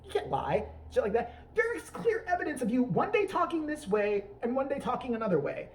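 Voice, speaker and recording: Brash, animated woman ranting. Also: high voice, fairly quick, a little hiss or hum. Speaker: vlog host. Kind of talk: crude comedic rant. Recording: voice picked up from a distance.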